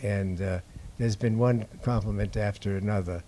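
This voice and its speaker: Older man, mellow low storytelling voice. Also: steady tone, a little hiss or hum. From Boston, USA. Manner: halting, unhurried storytelling. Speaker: documentary filmmaker. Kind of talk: anecdotal talk to an audience. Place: indoor screening before an audience.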